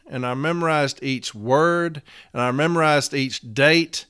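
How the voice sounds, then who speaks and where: A man with a bright, ringing voice pitched a little above most men, telling his story to listeners. He hammers each point with repetition like a preacher, then drops low to recount events. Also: clean tone. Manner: emphatic, repetitive, preacher-like cadence; swings between loud declarations and quiet storytelling. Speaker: union steward and podcast host. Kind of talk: impassioned monologue.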